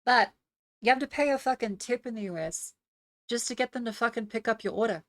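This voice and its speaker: A woman's voice: a little high, a little fast, dry recording, clean studio sound. A young woman streamer in casual livestream chat, ranting with a lot of swearing and mocking others in put-on voices. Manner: profane, ranting.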